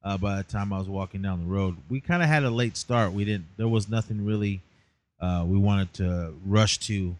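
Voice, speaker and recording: Rambling low-voiced man, tired. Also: normal speed, darkish tone. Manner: rambling, many fillers. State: tired, yawning. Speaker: podcast host. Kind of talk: casual vlog recap.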